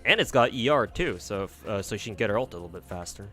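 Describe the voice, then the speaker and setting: A man's voice: lowish voice, lively intonation, quick pace, fairly bright tone. A man streaming a game, chatting casually and swearing freely as he mutters to himself. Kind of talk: casual gameplay commentary. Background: faint game music.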